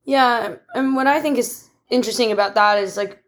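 A woman's voice: fairly high pitch, normal speed. A young adult woman co-hosting a podcast, talking candidly and reflectively in casual conversation, often restarting and laughing. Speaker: podcast co-host.

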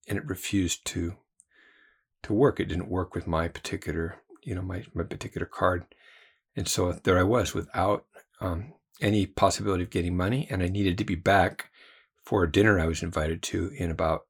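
A man's voice: low voice, vocal fry, husky. A man, a Christian trainer and theologian, telling a personal story in a rambling way with many fillers and restarts.

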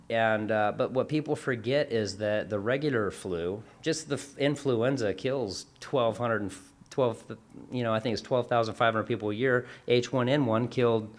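A man chatting casually as a show's co-host, telling a long work story in a rambling way with self-corrections and acted-out quotes. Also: mid-range voice. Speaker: workplace class instructor. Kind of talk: casual chat.

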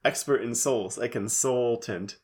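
A man's voice: mid-range voice, unhurried, darkish tone, slightly rough. A man co-hosting a casual podcast, recapping an anime episode with dry joking asides. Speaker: podcast co-host.

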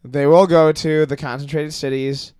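Animated ranting man, smooth clear voice. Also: a little high, moderate pace, dry recording, studio quality. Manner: animated, ranting, swears freely. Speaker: podcast guest. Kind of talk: casual podcast chat.

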